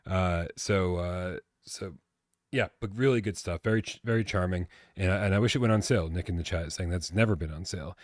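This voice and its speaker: Low-voiced guy rambling and cussing through a live stream chat, dry close mic. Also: fairly quick, dry recording. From Boston area. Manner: rambling, swears, reads chat aloud. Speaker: podcast co-host.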